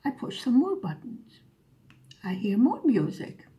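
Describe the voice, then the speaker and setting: A woman's voice: fairly high pitch, huge pitch swings, unhurried, muffled recording. A woman vlogger telling a story in a dry, sarcastic way as she chats over her craft. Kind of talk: casual storytelling while diamond painting.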